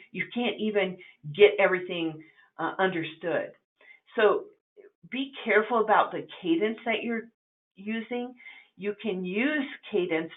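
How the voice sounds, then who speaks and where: A woman gives a webinar lecture in a fairly low voice, explaining points in a conversational, instructive way with frequent ums. The sound is thin and tinny, like a phone line. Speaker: presenter.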